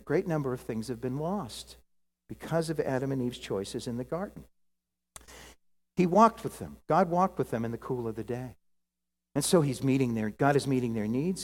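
An American preacher delivers a sermon at a mid pitch, talking with the congregation in an easy, conversational way and tossing in joking asides. The voice rings out through a large hall with a long reverb tail. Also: a little mellow.

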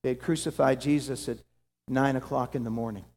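A pastor preaching a dramatic sermon that swings from loud to hushed. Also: male voice, mid-range voice, steady tone, brisk. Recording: long hall reverb.

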